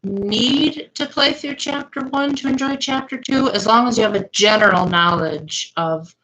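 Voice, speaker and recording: A woman's voice: a little high, normal speed, fairly bright tone, low-quality recording. A young woman streaming live, chatting casually and answering her viewers' comments.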